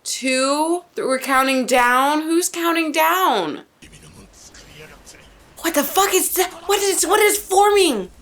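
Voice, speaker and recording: A woman's voice: sits high, expressive, takes it slowly, a bit bright. A woman hosting an anime reaction, reacting live with stunned questions, exclamations and free swearing.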